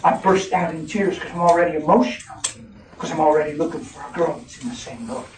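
A man preaches with fervor, his testimony rising to shouts and dropping to near whispers. He sounds far from the mic in an echoing room, with noise underneath. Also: fairly high pitch, quick pace. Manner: fervent preaching, swinging between shouts and hushed tones. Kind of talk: impassioned testimony sermon. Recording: roomy, distant mic with noise.

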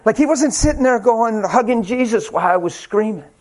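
High-voiced man preaching a story. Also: fairly quick. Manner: animated, self-mocking, acts out quotes. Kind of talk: sermon with personal storytelling.

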